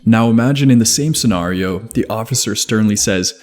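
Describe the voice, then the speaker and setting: A man with a somewhat low voice reads a scripted video essay. His delivery is measured and evenly explanatory, never rushed. Faint music plays quietly behind him. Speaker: narrator. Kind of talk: scripted narration. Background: faint background music.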